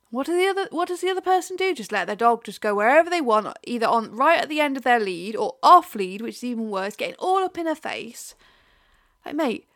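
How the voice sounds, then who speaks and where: A woman's voice: fairly high pitch, fairly bright tone. A woman co-hosting a podcast in casual chat, ranting animatedly, swearing freely and laughing often. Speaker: podcast co-host.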